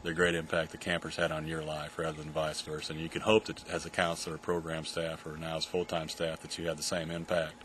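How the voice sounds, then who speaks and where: A man, the camp's director, explaining its mission and funding in a steady, formal way. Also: extremely low pitch, brisk, hardly any pauses, slight background noise.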